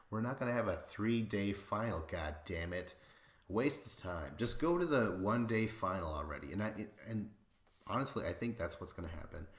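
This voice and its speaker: A man hosting a podcast, recapping casually in a rambling, excitable way and swearing freely. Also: deep voice, reverberant. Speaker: podcast host.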